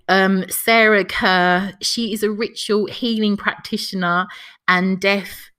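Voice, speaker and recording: A woman hosting a podcast, reading a passage aloud and chatting softly, emotional and close to tears. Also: medium pitch, fairly even intonation, slow pace. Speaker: podcast host.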